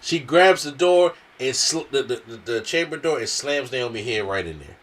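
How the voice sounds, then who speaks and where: A man with a strained, worn throat talks through a wrestling event at an everyday middle pitch. His delivery is animated and slangy, and he jumps into bits of other people's voices. It sounds like a relaxed casual review. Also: moderate pace.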